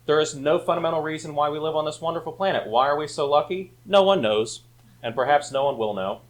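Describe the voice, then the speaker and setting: A man's voice: on the high side, fast. A man teaching a church Sunday school class, arguing his points emphatically and reading passages aloud. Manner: emphatic, rising to argue points.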